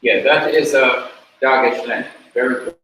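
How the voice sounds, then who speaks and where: A man teaching a class, talking slowly and repeating words for the students to drill. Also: mid-range voice, fairly even intonation, sharp tone. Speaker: Hebrew teacher. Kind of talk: classroom lecture. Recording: very echoey room, mic far off, faint noise.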